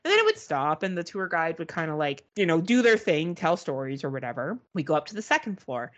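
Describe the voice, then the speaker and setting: A woman's voice: sits low, sing-song, brisk. A woman co-hosting a podcast, telling a story in casual, profane chat and mimicking beeping gadgets. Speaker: podcast co-host.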